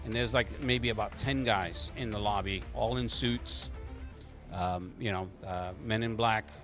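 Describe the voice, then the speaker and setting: A man's voice: lowish voice, a little slow, over music. A man narrating as game master of a tabletop game, rambling, with many fillers and restarts.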